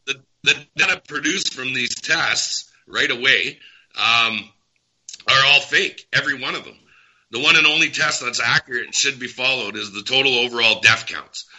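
Man, heated talk show rant, very bright tense voice, emphatic, repeats himself. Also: mid-range voice, normal speed, dull audio. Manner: agitated, emphatic, repeats points. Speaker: guest.

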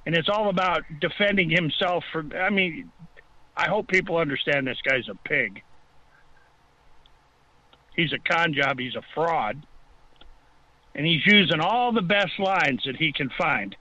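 A man's voice: on the high side, measured pace, long pauses, bright, forceful tone, no room sound, dull audio. Impassioned ranting man on a call-in. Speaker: caller. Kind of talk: call-in talk radio.

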